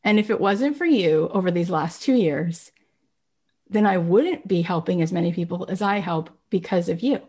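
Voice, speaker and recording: A middle-aged woman hosting a podcast, giving a motivational talk and telling stories with lively, acted-out quotes. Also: fairly low pitch, normal speed, husky. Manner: animated storyteller, acts out quoted voices. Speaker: podcast host.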